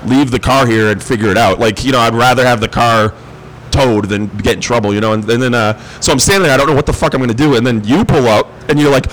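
A man's voice: mid-range voice, quick pace, a bit bright, rough recording. A man, telling a rowdy story in casual chat, laughing often and swearing freely. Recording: faint background noise.

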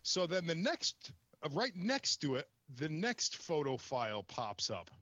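A man telling an embarrassing story in casual chat, animated and exasperated, swearing casually. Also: on the high side, measured pace, no room sound, highs cut off.

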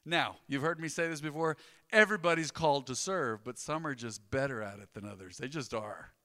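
A man, a pastor preaching a sermon in a conversational, joking way with animated storytelling. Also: mid-range voice, fairly quick, big-room sound.

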